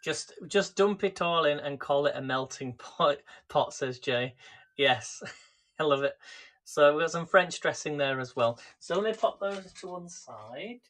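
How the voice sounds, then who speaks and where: Expressive and a bit bright, this man's slightly high voice moves at a measured pace. He hosts a live cooking stream from his home kitchen, greeting viewers by name and chatting casually, with the camera on a tripod.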